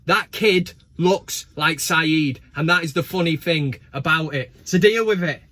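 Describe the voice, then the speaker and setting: Cheeky high-voiced bloke. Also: male voice, unhurried, pushed and bright. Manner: cheeky, profane banter with asides. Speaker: fan channel host. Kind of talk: casual football fan show segment.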